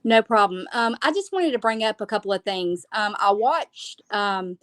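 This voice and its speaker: A woman's voice: medium pitch, expressive, normal speed, a bit bright, no room sound. A woman calling in to a live show, friendly and using fillers. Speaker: caller. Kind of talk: call-in chat.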